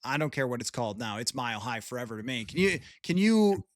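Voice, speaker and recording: A man's voice: mid-range voice, very animated, quick pace, no room sound, studio quality. A man hosting a casual sports podcast, talking chattily with frequent laughs and restarts.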